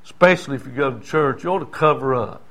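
A man's voice: mid-range voice, fast, fairly bright tone. An older man preaching a sermon in a folksy, conversational way, often asking the congregation "Amen?". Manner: folksy, conversational preaching with call-and-response asides.

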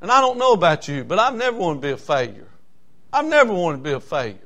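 Preacher man, high voice, hammering points over and over, lots of uh uh. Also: big pitch swings, fast, fairly bright tone. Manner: emphatic preaching with repetition and frequent "uh" fillers. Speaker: pastor. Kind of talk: sermon. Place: church.

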